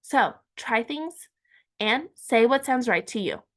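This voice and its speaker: A woman teaching a Spanish lesson, saying each word slowly and repeating it for learners. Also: a little high, animated. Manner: slow and deliberate, repeating words for learners. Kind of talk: language lesson.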